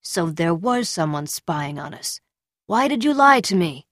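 A woman's voice: on the low side, big pitch swings, unhurried, a bit bright, no room sound, clean studio sound, full character voice. A woman voicing a suspicious, angry man who confronts his lover in blunt, accusing lines.

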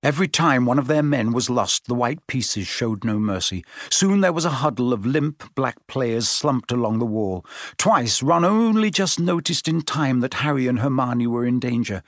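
Guy narrating a storybook, steady measured read, dry close mic. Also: medium pitch, no room sound. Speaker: audiobook narrator.

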